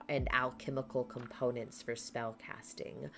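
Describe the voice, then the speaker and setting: A woman narrating a tabletop game as game master, describing the scene in an unhurried way. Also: low-pitched. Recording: faint background music.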